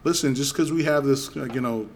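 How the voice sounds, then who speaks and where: A middle-aged man hosting a podcast, telling a story in casual chat, animated and profane, acting out both sides of a quarrel. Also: medium pitch, brisk. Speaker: podcast host.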